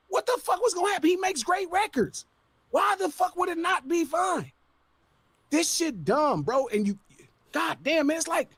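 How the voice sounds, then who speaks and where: A man on a podcast ranting loudly and incredulously, with heavy swearing. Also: very high-pitched, no echo. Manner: loud, profane, incredulous ranting. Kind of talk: heated podcast rant.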